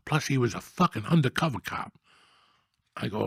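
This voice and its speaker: Gravelly man telling stories. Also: mid-range voice, big pitch swings, fairly quick, a bit bright, no room sound, clean studio sound. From New Jersey. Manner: profane, blunt, rambling storyteller. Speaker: storyteller guest. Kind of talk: casual storytelling chat.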